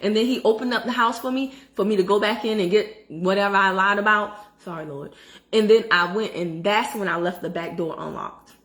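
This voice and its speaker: A middle-aged woman telling a personal story to her viewers in a casual, animated way, talking straight to the audience. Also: medium pitch, brisk, few pauses. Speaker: credit education vlogger. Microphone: phone.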